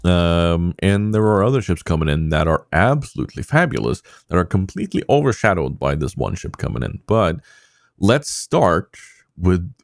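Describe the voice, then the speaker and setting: A man's voice: low-pitched, very animated, moderate pace, gravelly, dry recording, clean studio sound. A man hosting a casual podcast, rambling with many fillers and poking fun at himself. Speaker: podcast host.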